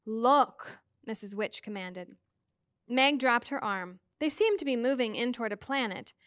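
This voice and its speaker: A woman teacher reading a novel aloud to students with expressive, measured storytelling. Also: fairly high pitch, no echo, studio quality.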